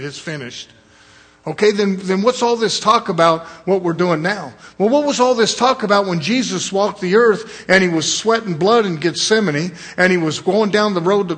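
A man preaching a sermon, emphatic, repeating phrases for stress, with a husky voice. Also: sits high, fairly bright tone.

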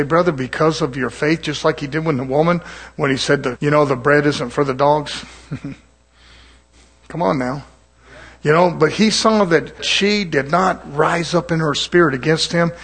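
A man delivers a sermon in a somewhat raised, husky voice. He speaks earnestly and conversationally to his congregation, stacking repeated phrases and rhetorical questions to drive his points home. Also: fairly high pitch, a bit bright. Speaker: preacher.

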